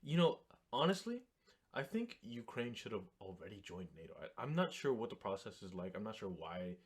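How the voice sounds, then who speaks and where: A man co-hosting a casual talk show, giving his views in a measured, hesitant way. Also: lowish voice, sing-song, breathy edge. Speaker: co-host. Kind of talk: casual political chat.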